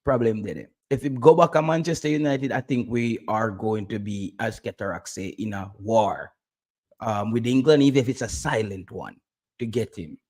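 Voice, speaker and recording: A man talking football in a casual chat, animated and quick to repeat himself when he starts a point. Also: lowish voice. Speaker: podcast co-host.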